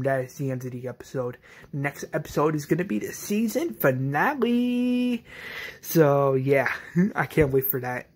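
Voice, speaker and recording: A man recaps a fan-made episode in a loose, rambling way, leaning on ums and likes and restarting his sentences. His voice is somewhat husky, pitched in the middle. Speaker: channel host recapping a fan series.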